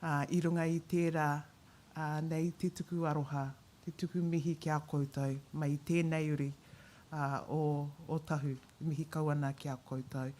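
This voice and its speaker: A woman with a New Zealand accent representing a museum board, giving a formal ceremonial speech. Her delivery is measured and she mixes oratory with wry, joking asides. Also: low-pitched, little pitch movement, mellow, slight background noise.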